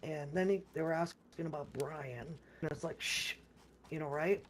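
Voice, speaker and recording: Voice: medium pitch, moderate pace, slight background noise. Rambling gamer retelling a session. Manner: rambling, with many restarts and repeated words; acts out others' lines in quoted speech. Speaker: gamer recounting a game session. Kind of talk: casual storytelling.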